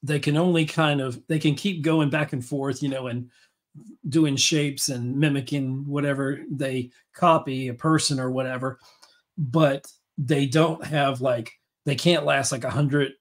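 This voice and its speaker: A man's voice: mid-range voice, fairly even intonation, measured pace. A man hosting a podcast, talking in a rambling, enthusiastic way with many fillers and restarts. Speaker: podcast host. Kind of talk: casual chat.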